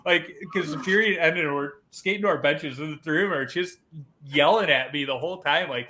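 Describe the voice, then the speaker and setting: A man's voice: a little high, fairly quick, heavy background noise. A man in his forties hosting a podcast, chatting casually and telling stories while acting out the voices of people he quotes. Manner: relaxed storyteller, acts out quoted voices. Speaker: podcast host. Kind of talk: casual chat.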